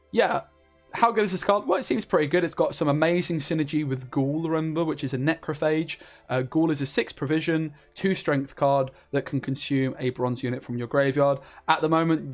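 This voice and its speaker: A man giving a chatty, enthusiastic card-game review as the channel's content creator, with frequent fillers. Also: a little high. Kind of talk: casual card review commentary.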